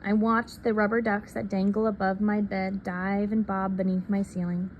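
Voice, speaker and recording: A woman reading a picture book aloud in a soft, unhurried storytelling manner. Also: mid-range voice, little pitch movement, highs cut off, a little hiss or hum. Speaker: reader.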